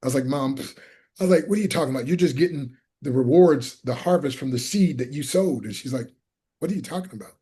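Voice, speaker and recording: A middle-aged man telling personal stories in an interview, acting out the people in them and sometimes shouting. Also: medium pitch, fast. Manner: acts out voices in his stories, sometimes shouting. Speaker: guest speaker. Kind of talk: animated storytelling.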